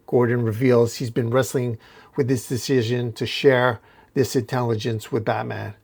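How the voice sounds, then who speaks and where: Brief: male host retelling a comic issue, casual and descriptive, medium-pitched voice. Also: little pitch movement, moderate pace, creaky, a little mellow, husky. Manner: recounts panel by panel, casual restarts. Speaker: comic book recap host.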